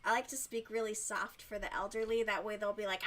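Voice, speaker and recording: A woman streamer chatting casually while she crochets, giggly, youthful-sounding and quick to swear. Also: mid-range voice, fairly even intonation, sharp tone.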